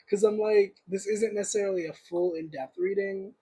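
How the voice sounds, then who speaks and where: A man's voice: sits high, steady tone, normal speed, mellow, slightly rough, poor audio. A young man giving a casual livestream tarot reading, rambling and searching for words with lots of fillers. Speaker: tarot reader.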